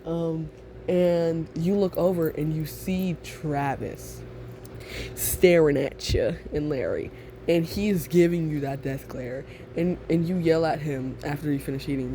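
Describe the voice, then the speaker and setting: A young man with a slightly high, mellow voice tells a casual second-person story. He rambles, giggles and fills gaps with ums. Faint noise sits behind him. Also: unhurried. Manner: rambling, giggly, many fillers.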